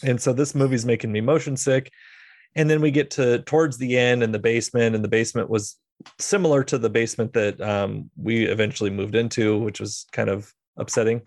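Gravelly-voiced man hosting a film chat. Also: medium pitch, fairly even intonation, brisk, darkish tone, dry recording. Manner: rambling storyteller, many fillers and restarts. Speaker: podcast host. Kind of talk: casual film discussion.

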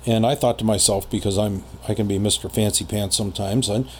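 A man telling a personal story in casual conversation as a podcast guest, rambling with many pauses and fillers. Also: fairly low pitch, steady tone, a little mellow, a little hiss or hum.

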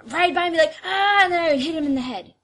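A woman's voice: sits high, rapid-fire, a bit bright, voice pushed up. A woman playing a young female thinker in a tabletop game who dodges fights and talks defensively. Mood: eager. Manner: defensive, then eager. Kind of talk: in-character tabletop role-play.

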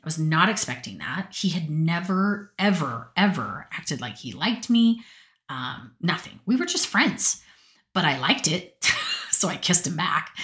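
A woman's voice: low voice, a bit bright. A woman from Utah telling personal stories from her notes in a chatty, rambling way, often breaking into laughter and asides. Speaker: podcast storyteller. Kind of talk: casual personal storytelling.

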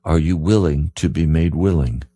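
A man's voice: very deep voice, normal speed, dark tone, no echo, studio quality. A man preaching a radio sermon, earnest and pleading, repeating his questions to the listener. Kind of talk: sermon broadcast.

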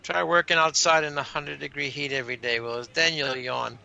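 A man's voice: fairly high pitch, steady tone, a little fast, creaky, pushed and bright, dull audio, slight background noise. A man co-hosting a movie commentary podcast, trading crude, sarcastic jokes in casual banter. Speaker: podcast co-host.

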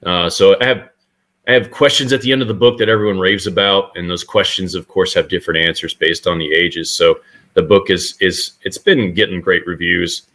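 A middle-aged man with a low voice and a bright, forward edge talks as a guest in an interview. He tells his stories earnestly and conversationally, as a practiced speaker would. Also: fairly even intonation, moderate pace. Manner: earnest anecdotal storyteller. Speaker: guest author and leadership speaker. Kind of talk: conversational storytelling.

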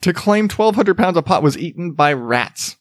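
A man's voice: high voice, lively intonation, normal speed, no echo, studio quality. A man hosting a podcast, ranting in a casual, profane, mocking way, laughing often and rambling through his thoughts. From Arizona, US. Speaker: podcast host. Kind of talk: casual comedic commentary.

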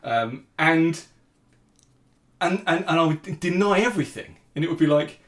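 A man tells a funny family anecdote in a lively, fairly high voice that swings widely in pitch. He stammers and restarts as he goes. The room gives the voice a roomy echo. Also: moderate pace. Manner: animated, stammering repeats, laughs often. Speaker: father, podcast guest. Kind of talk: casual anecdote.

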